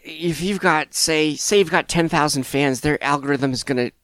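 Easygoing comedian guest, slightly high voice. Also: male voice, moderate pace, fairly bright tone, dry recording. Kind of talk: casual conversation.

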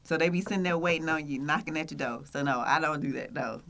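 Host, woman, 30s; bright tone, animated, laughs easily through her stories. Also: sits low, fast. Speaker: podcast host. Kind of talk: casual chat.

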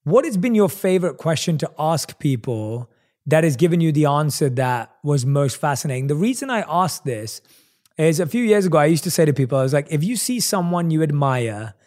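A man hosting a conversational interview, his voice sitting a little high. He affirms what his guest says and follows up with thoughtful, reflective questions. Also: expressive, brisk, darkish tone. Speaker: podcast host.

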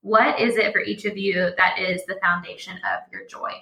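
A woman's voice: mid-range voice, little pitch movement, normal speed, creaky, pushed and bright. A woman hosting a casual interview, bubbly and laughing often. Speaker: podcast host. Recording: echoey room, faint noise.

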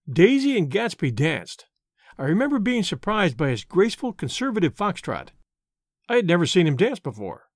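A man's voice: sits high, big pitch swings, moderate pace, no echo, studio quality. A man narrating a novel as an audiobook, giving each character a voice.

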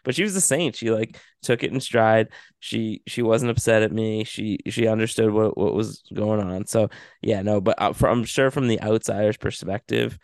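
A man with a low, gravelly voice, recorded dry with no room sound. He tells a self-deprecating story in a rambling, casual way, filling gaps with "like" and "I mean.". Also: normal speed, darkish tone, no echo. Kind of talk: casual chat.

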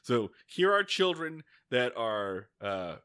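A man's voice: mid-range voice, very animated, slow, sharp tone, smooth. A man co-hosting a podcast, chatting casually and jokingly about movies, swearing now and then and laughing as he talks. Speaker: podcast co-host. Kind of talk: casual comedic movie chat.

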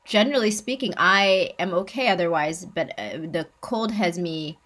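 A woman with a cold, talking in a relaxed, thoughtful way on a podcast, her voice raspy. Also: normal speed. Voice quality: lower and raspier than usual. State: has a cold. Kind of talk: casual chat.

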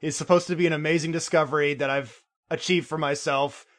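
Casting: male tabletop player, a touch higher-pitched, playful, breaks into laughter. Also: fairly even intonation, fairly quick, fairly bright tone. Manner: laughing, acts his character's lines aloud. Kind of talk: tabletop role-play.

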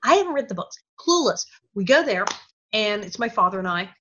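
A woman in her sixties, a guest and former child actor, telling lively anecdotes with laughter. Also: mid-range voice, moderate pace, muffled recording. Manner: animated, laughing, voices quotes. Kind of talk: anecdotal storytelling.

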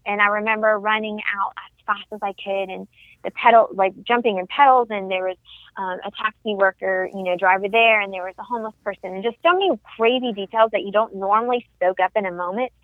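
A woman's voice: medium pitch, fairly even intonation, quick pace, no echo. A young woman shares a heartfelt personal testimony as an interview guest. Her voice comes through a thin, phone-like line with no room sound at all. She speaks earnestly and steadily. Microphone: phone call. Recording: tinny phone line, dry.

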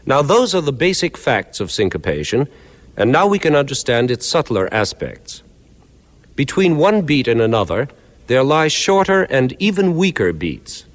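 A man giving a clear, measured lecture that explains musical ideas step by step, sometimes counting out beats. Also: mid-range voice, sing-song, big-room sound.

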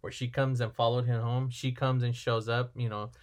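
Casual podcast co-host, male, mid-pitched, rambling recapper who slips into character lines. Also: level tone, normal speed. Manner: rambling storyteller, acts out film lines. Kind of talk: casual movie recap chat.

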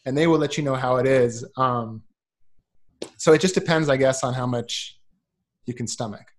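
A man's voice: mid-range voice, moderate pace, a little hiss or hum. A man co-hosting a podcast in casual chat, easygoing and self-deprecating. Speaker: podcast co-host.

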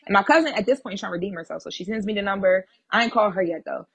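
A woman guest on a podcast, telling a personal story in a casual, animated and blunt way, swearing freely. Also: medium pitch, rapid-fire, creaky, breathy edge.

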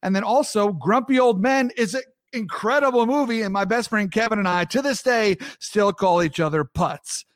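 A man's voice: high-pitched, normal speed, few pauses, dry recording, studio quality. A man in his thirties from the US East Coast, hosting a casual show and joking with his chat in an upbeat way. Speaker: podcast host.

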